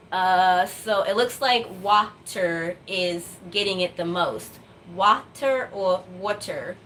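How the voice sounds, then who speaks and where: Talking to her viewers in a relaxed, rambling way, this doll-customizing vlogger from the United States fills her speech with fillers and little giggles. Her medium-pitched voice is a bit bright, with a faint hiss or hum on the recording.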